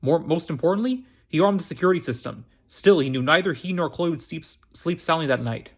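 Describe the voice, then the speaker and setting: A man reading a novel aloud for his storytime channel, halting with frequent restarts and repeated phrases. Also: on the high side, animated. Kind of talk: amateur book reading.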